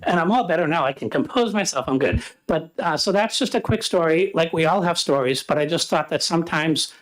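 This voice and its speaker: A man's voice: fairly high pitch, animated, fairly quick, rough recording. A man in his fifties, a retired teacher, giving heartfelt personal testimony in a legislative committee room. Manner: earnest, heartfelt storytelling.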